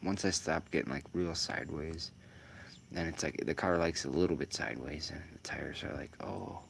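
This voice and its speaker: A man's voice: a bass voice, normal speed, creaky, a bit bright, a little hiss or hum. A man giving casual, rambling commentary while sim racing, musing aloud with lots of fillers.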